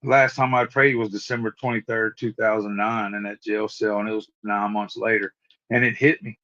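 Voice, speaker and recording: A man's voice: on the low side, little pitch movement, moderate pace, sharp tone, highs cut off. A man in his forties telling his recovery testimony as a guest, earnest and repeating words as he restarts his sentences. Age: 40s. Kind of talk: personal testimony storytelling. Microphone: remote live-stream call.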